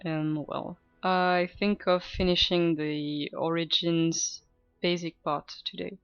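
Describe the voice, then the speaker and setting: A woman streams a game and chats in a slow, hesitant, self-mocking way, with plenty of laughs. Her voice is slightly low and recorded dry and close. The sound is dull and lo-fi, with faint game music underneath. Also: little pitch movement, clear, resonant tone, no room sound. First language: French. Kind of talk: casual gameplay chat.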